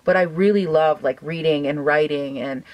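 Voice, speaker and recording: A woman's voice: low voice, normal speed. A young woman in her twenties chatting casually while doing her makeup, filling her talk with "like" and "um" and laughing often. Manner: chatty, giggly, lots of "like" and "um". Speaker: beauty vlogger.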